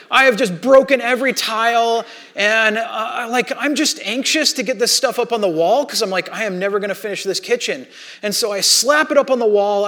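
A man with a high-pitched voice delivers a sermon as a pastor. He tells it like a casual personal story, laughing at himself, and his volume rises and drops as he goes. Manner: conversational, self-deprecating storytelling with lively swings in loudness.

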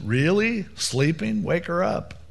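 A man voicing a crowd of flippant hired mourners who mock and jeer, with sarcastic, loud bursts. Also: fairly high pitch, wildly swooping pitch, slow pace, gravelly, heavily acted.

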